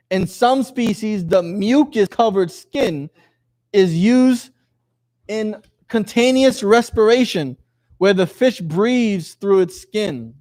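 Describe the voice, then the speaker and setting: A man's voice: high-pitched, expressive, slow pace, mellow. A man teaching a lesson to a class, quizzing his students in a jokey way and reading passages aloud. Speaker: religious teacher.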